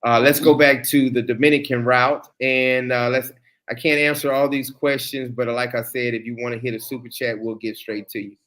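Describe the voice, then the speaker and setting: A man's voice: medium pitch, flat delivery, fairly bright tone. Man hosting his channel, agreeable. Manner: affirming, quick to agree. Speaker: channel host. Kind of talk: casual chat.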